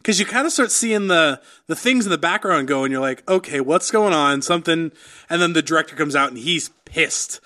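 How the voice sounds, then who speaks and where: A man's voice: fairly high pitch, brisk, bright, forceful tone. A young man co-hosting a casual podcast chat, rambling through a story with lots of fillers and acted-out quotes. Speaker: podcast co-host.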